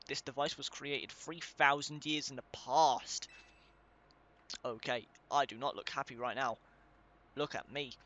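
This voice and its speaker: A man's voice: mid-range voice, bright, forceful tone. A young man giving casual commentary while reading game text aloud, swearing now and then and stumbling over hard names. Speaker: let's play gamer.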